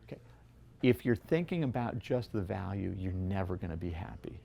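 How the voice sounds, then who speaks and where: Middle-aged man, comic shop owner, low voice, gravelly texture, earnest anecdotes, documentary interview. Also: expressive, normal speed, mellow. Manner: earnest anecdotal storytelling with frequent word repeats.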